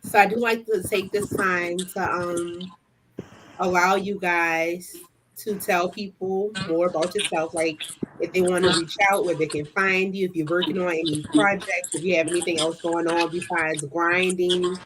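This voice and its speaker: A woman's voice: fairly low pitch, fairly even intonation, normal speed. Host: middle-aged woman, blunt and no-nonsense, chatting over a noisy background. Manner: blunt, matter-of-fact. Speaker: podcast host. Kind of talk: casual chat.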